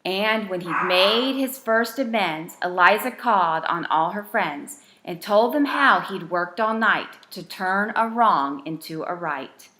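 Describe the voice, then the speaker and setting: A woman reading a rhyming bedtime storybook aloud with a gentle, rhythmic delivery. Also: mid-range voice, expressive, a little slow, few pauses, slight background noise.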